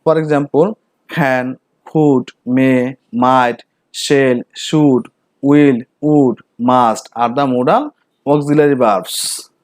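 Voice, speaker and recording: Slow, repetitive man teaching grammar. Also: medium pitch, steady tone, a little mellow, no room sound. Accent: Bengali. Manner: repeats each example sentence slowly. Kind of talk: slow grammar lesson with repeated examples.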